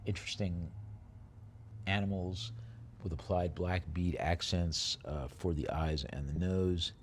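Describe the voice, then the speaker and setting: A man calling a live auction, rattling off bids in a quick chant and slowing down to describe each lot. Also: low-pitched, fairly even intonation, a little hiss or hum. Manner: rapid bid-calling chant alternating with slower item descriptions.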